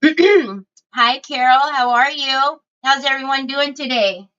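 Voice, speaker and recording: A middle-aged woman from Northern California hosts a craft livestream from her home desk, chatting slowly and greeting viewers by name. A cold leaves her voice squeaky and hoarse, with a fairly bright tone, and frequent throat clearing breaks in. The recording sounds muffled.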